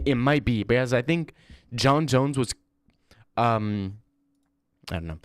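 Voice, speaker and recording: A man's voice: medium pitch, no room sound, studio quality. Rambling slangy young man streaming. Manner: rambling, slangy, says "bro" often. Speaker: livestream host. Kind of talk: casual livestream chat reading viewer comments.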